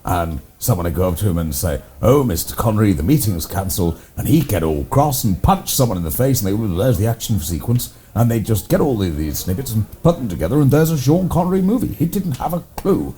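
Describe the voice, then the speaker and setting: English man, low and mellow, lively delivery, deadpan rambling raconteur for comedy chat. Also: fairly quick, hardly any pauses. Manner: rambling, deadpan tall tales told with relish. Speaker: co-host playing a gentleman's club character.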